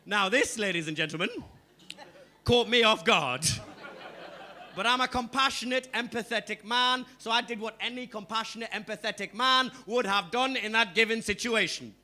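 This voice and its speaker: A man's voice: high voice, normal speed, pushed and bright. A male stand-up comedian, doing a brash, sweary live set and talking straight to the crowd on a club stage. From Newcastle upon Tyne, England.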